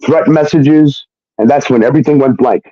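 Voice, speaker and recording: A man's voice: mid-range voice, moderate pace, no room sound, highs cut off. A man telling his own story in casual talk, swearing often and acting out what others said. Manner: profane, animated retelling with quoted dialogue.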